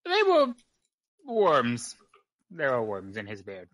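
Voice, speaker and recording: A man voicing an excitable, curious man in a tabletop role-play game, asking eager questions. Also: takes it slowly, full character voice, low-quality recording. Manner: eager questioning, swooping high.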